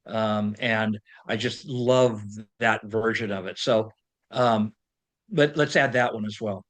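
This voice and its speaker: A man co-hosting a podcast, speaking in a measured, thoughtful way in casual chat about music. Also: lowish voice, steady tone, a bit bright. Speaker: podcast co-host.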